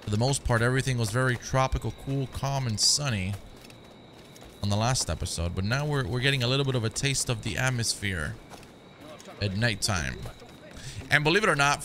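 A man's voice: medium pitch, bright, forceful tone, slight background noise. A man giving casual, chatty commentary over a game, often repeating his words as he goes. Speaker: gaming commentator. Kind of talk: casual let's-play commentary.

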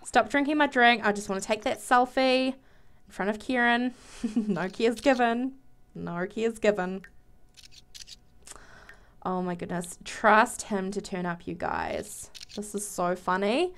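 A woman giving casual, excitable commentary while playing a life-simulation game, giggling and exclaiming often. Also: medium pitch, measured pace. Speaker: let's play gamer.

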